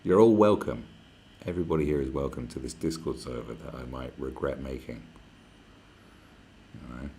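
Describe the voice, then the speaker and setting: Very deep male streamer, casual, sweary, rambling. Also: moderate pace, dark tone, a little hiss or hum. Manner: rambling, profane, chatty. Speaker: live streamer. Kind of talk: casual livestream chat. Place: where he is staying, not his home.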